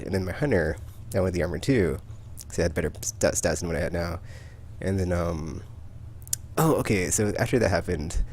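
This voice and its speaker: A man's voice: sits low, a little mellow, a little hiss or hum. A man hosting a podcast, telling rambling stories in casual chat with lots of fillers. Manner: rambling, filler-heavy storytelling. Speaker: podcast host.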